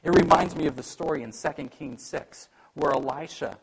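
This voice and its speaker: A man preaching a sermon in an animated way, acting out the voices he quotes and joking about himself. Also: fairly high pitch, normal speed, vocal fry, heavy background noise. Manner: animated, acts out quoted voices, self-deprecating humor. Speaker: pastor.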